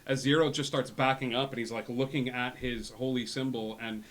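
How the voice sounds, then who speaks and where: A man running a tabletop game as game master, narrating in a halting way with many restarts. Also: medium pitch, fairly even intonation, a bit bright.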